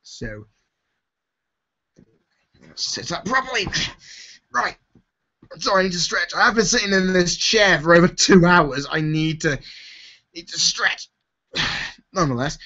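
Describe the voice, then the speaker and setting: A man's voice: sits high, sharp tone. Candid young man, dull stream audio. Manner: candid, rambling, talks to viewers. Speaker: YouTuber host. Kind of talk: live Q&A chat. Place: home, seated in a chair.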